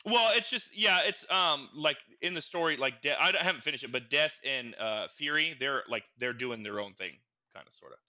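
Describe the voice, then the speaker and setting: A young man co-hosting a casual gaming podcast, telling stories in an animated, stammering way and getting loud when excited. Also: normal speed, hardly any pauses, highs cut off. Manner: animated storytelling, gets loud and high when reliving frustration. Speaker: podcast co-host. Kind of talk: casual chat.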